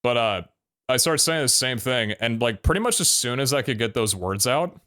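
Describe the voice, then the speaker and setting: A man's voice: medium pitch, animated, moderate pace, bright, forceful tone, smooth. A young adult man streaming live, telling a story casually, full of laughs and casual swearing.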